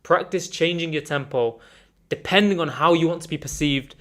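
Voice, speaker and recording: A man with a fairly high voice leads an online speaking lesson. He is energetic and emphatic, punching key words and calling his viewers guys. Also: normal speed. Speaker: communication coach.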